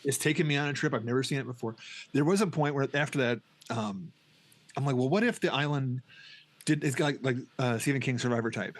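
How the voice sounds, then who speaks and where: A man's voice: medium pitch, brisk. A middle-aged man co-hosting a podcast, chatting casually about a film, rambling with many restarts and acting out scenes. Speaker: podcast co-host. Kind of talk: casual film review chat.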